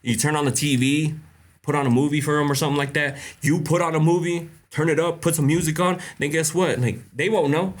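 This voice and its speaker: A man's voice: on the high side, fairly even intonation, a little fast. A young man hosting a casual live question-and-answer stream, blunt and joking, laughing often. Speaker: host.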